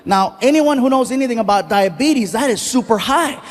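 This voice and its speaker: A man telling stand-up stories in an animated way, acting out the people in them, on stage at a live show. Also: very high voice, a little fast, in a large hall. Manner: animated, acts out voices, jokes at his own expense. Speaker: stand-up comedian. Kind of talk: stand-up storytelling.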